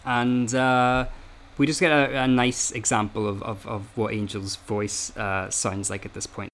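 A man's voice: on the low side, flat delivery, a little slow, fairly bright tone, a little hiss or hum. A man hosting a casual podcast chat, explaining at length with many hesitations and fillers. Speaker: podcast host.

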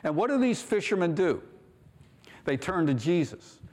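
A man's voice: high voice, sing-song, moderate pace, a little mellow. A man preaching a sermon as pastor, raising his voice for emphasis and acting out quoted lines. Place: church sanctuary. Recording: long church hall reverb.

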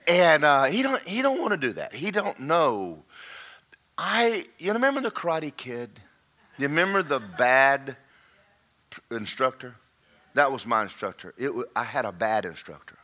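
Animated older preacher, bright lively voice. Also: male voice, a little high, moderate pace. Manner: folksy, animated, laughing storyteller who builds to shouts. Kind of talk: sermon storytelling.

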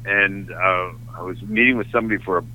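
A man's voice: sits low, a little fast, sharp tone, slight background noise, poor audio. An older man from Canada, an actor, telling candid and emotional stories from his life in an interview, often restarting his sentences. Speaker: actor guest. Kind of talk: anecdotal interview storytelling.

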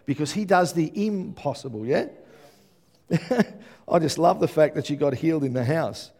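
An Australian man preaching a sermon as pastor, telling stories with lively energy and often checking in with the congregation. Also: sits high, normal speed. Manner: animated storytelling with frequent "yeah?" check-ins to the congregation.

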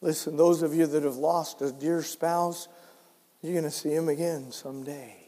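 An older man preaching in a church, his voice high for a man and carried by a long reverb off the walls. He tells stories and swings between soft, intimate lines and loud, ringing ones. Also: steady tone, moderate pace. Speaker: pastor. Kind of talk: sermon. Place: church sanctuary.

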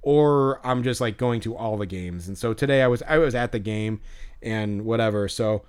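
Podcast guy rambling thru a story, smooth clear voice, lots of ums. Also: fairly low pitch, normal speed. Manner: rambling, many fillers and restarts. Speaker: podcast co-host. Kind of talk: casual storytelling chat.

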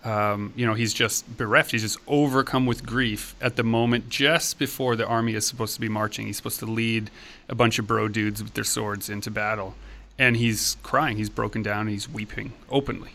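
A man's voice: lowish voice, normal speed, creaky. A man hosting a podcast, eagerly explaining and retelling stories in casual chat. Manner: animated storyteller, explains eagerly. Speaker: podcast host.

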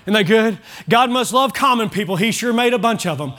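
A man preaching a sermon as pastor, driving points home with shouted emphasis and rhetorical questions. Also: sits high, animated, brisk.

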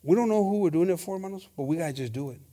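A man preaching a sermon, switching between English and Spanish, calling out amen and hermanos, swinging from loud to soft. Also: on the high side, animated, rapid-fire. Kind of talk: bilingual sermon.

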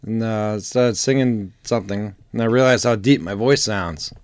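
A man co-hosting a casual podcast while sick, his voice deeper than usual, dropping dry wisecracks. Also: normal speed, clean tone, dry recording. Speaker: podcast co-host. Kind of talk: casual chat.

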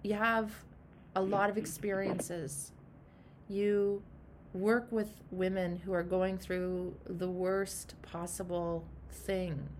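A woman's voice: lowish voice, a little hiss or hum. Emphatic, direct woman life coach. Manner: emphatic and direct, with frank asides. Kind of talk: casual coaching talk.

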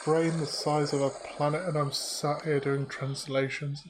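A man's voice: fairly high pitch, level tone, a little slow, a little hiss or hum, natural voice. A man voicing a weary, sarcastic male translator droid in a tabletop game, sighing and exasperated. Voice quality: put-upon, exasperated sighing.

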